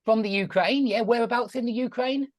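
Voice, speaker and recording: A man's voice: very high voice, a little fast, dry recording. Chatty male teacher on a video call. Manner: friendly, chatty, asks questions. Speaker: English teacher. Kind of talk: online group class.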